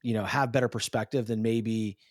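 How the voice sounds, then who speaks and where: A man in his thirties hosting a podcast, animated and chatty in casual conversation, calling his guest "dude". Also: fairly low pitch, fairly quick, no room sound, studio quality. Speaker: podcast host.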